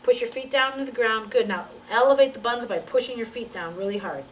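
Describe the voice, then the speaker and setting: A woman's voice: on the high side, fairly quick, slight background noise. Woman coaching from a distant roomy mic. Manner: coaching a volunteer through an exercise, cueing and encouraging. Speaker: physical therapy instructor. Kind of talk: live teaching demonstration.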